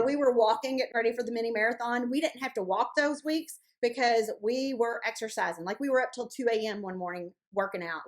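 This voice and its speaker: A woman hosting a support group meeting over a video call, chatty and playful as she rambles through updates. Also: a little high. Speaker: group host. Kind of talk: casual chat.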